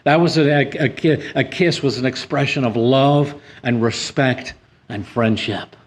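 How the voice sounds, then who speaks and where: A man's voice: mid-range voice, unhurried. A man preaching a sermon in a church. He reads scripture aloud and rises emphatically on key points, with some hesitant restarts.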